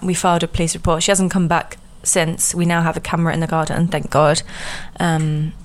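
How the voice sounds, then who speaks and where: A young woman talks through a story on her own podcast in a loose, chatty way, filling her sentences with "like" and "um". Her voice sits a little low for a woman. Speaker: podcast host. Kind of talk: casual chat.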